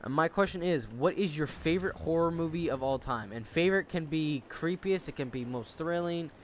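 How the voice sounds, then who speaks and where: Over his gameplay, a young man in his late teens who runs a gaming channel rants profanely and rambles through stories, frequently starting his sentences over. He talks fairly quickly on the high side, with a little hiss or hum in the audio.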